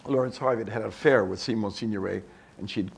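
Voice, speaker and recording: A man's voice: fairly low pitch, quick pace, vocal fry, a little hiss or hum. An older man telling anecdotes as a guest speaker at a university event, acting out other people's dialogue. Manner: animated, acts out quoted dialogue. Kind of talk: anecdotal storytelling at a talk.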